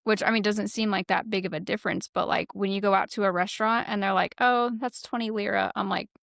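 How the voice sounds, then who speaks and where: A woman's voice: mid-range voice, quick pace, gravelly, no echo, clean studio sound. A woman co-hosting a podcast, telling stories in casual chat with lots of swearing and acted-out quotes. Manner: profane, animated storyteller acting out quotes. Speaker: podcast co-host.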